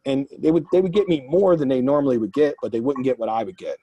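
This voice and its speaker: A man hosting a group Q&A, telling blunt, animated stories full of quoted dialogue. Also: medium pitch, quick pace, dull audio. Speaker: real estate investor and mastermind host. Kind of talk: casual group Q&A coaching.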